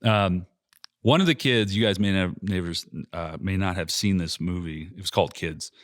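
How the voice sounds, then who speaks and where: Low-voiced man telling a story. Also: moderate pace, dry recording, studio quality. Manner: animated storyteller, heavy swearing, acts out quotes. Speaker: airsoft park owner and podcast host. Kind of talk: casual podcast storytelling.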